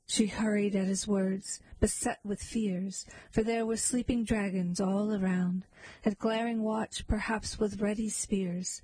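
A woman reading a long narrative poem aloud in a slow, measured recitation. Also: mid-range voice, fairly even intonation, husky, no echo, rough recording. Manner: slow, measured recitation, soft whispers at times. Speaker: poetry reader.

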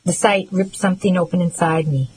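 A woman reading a first-person novel aloud in a measured, earnest and reflective way. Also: fairly low pitch, fairly even intonation, darkish tone, slight background noise, rough recording. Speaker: audiobook narrator.

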